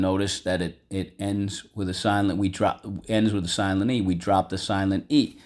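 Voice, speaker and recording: A man teaching a vocabulary lesson from home, repeating words slowly for students to echo. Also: sits low. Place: home room.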